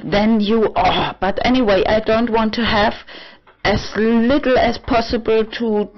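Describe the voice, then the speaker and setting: A woman in her apartment, rambling in a personal vlog with non-native English phrasing, halting restarts and sudden swearing, a little tipsy. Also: fairly high pitch, fairly even intonation, dull audio. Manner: halting, many restarts and fillers, swings into swearing and emotional outbursts. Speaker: vlogger. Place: own apartment.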